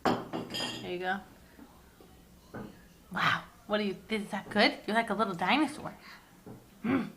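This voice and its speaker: A woman's voice: medium pitch, unhurried, long pauses, background noise. A mother talking playfully to her toddler at mealtime, coaxing and laughing often, filmed at home on a camera. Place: home, at the table.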